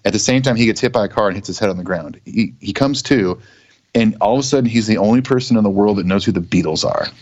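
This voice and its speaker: A man's voice: fairly low pitch, fast talker, darkish tone, lo-fi sound. A man co-hosting a podcast, chatting casually, enthusiastic and rambling. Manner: enthusiastic, rambling, laughs easily. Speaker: podcast co-host. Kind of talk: casual chat.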